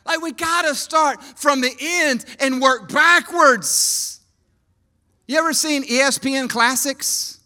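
A man preaching a sermon at a conference, swinging from hushed lines to shouts and asking the crowd to raise hands. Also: very high voice, normal speed. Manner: talks with the crowd, asks for hands. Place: conference hall.

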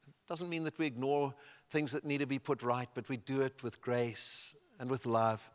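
A man preaching at a camp meeting, telling a personal story with a few halting restarts. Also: medium pitch, fairly even intonation. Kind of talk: sermon storytelling. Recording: reverberant hall.

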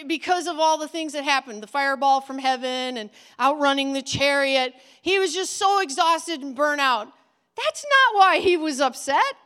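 High-voiced lady preacher telling a bible story, acts out all the voices, gets loud then goes near whisper. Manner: animated, acts out characters' lines with big swings in pitch and volume. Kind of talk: sermon storytelling.

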